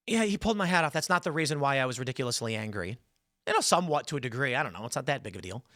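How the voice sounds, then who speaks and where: A man's voice: a little high, bright, forceful tone, dry recording, clean studio sound. A man hosting a podcast, telling a story and giving heated commentary, angry and swearing as he talks. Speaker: podcast host.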